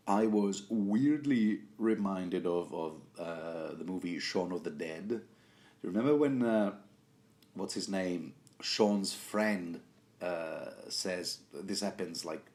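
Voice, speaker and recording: A man's voice: low-pitched, darkish tone. A man hosting a rambling, casual book commentary, full of self-corrections and jokey asides.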